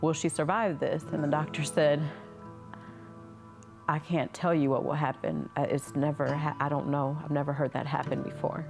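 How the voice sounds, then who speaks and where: A mother telling a personal story in a halting way, restarting often. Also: low-pitched, level tone, vocal fry, a little mellow, soft background music.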